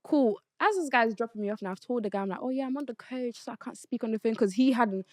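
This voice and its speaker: Young woman podcast host, fast blunt storyteller, dry close mic. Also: fairly high pitch, dry recording. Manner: blunt, swears freely, animated storytelling. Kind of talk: casual chat, storytelling.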